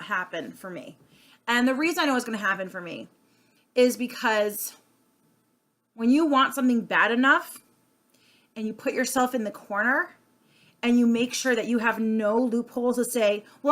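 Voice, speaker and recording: A woman's voice: on the high side, fairly bright tone. Earnest, chatty woman vlogger. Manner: earnest, chatty, many fillers and restarts. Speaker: sales consultant vlogger. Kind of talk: unscripted casual monologue.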